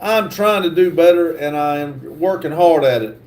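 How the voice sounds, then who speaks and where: A middle-aged man hosting a livestream, reading viewer comments aloud haltingly and stumbling over words. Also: fairly high pitch, a little mellow. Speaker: livestream host reading chat. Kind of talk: casual live chat reading.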